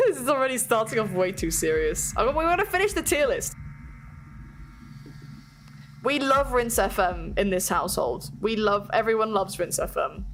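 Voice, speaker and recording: A British woman streaming a casual chat, talkative and quick to laugh at herself. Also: a little high, fairly bright tone, a little hiss or hum. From Britain. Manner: chatty, giggly, self-mocking. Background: faint music playing.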